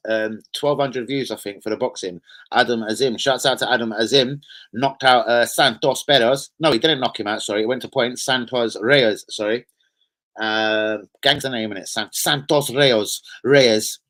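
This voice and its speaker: A young man, hosting a loose, sweary live stream and shouting out his viewers. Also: mid-range voice, steady tone, moderate pace, low-quality recording. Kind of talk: casual live stream chat.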